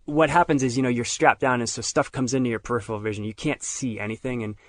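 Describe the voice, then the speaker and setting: In relaxed conversation as a podcast guest, this middle-aged man retells a story with energy, performing the lines of the other people involved. His mid-range voice moves quickly, and there's no echo.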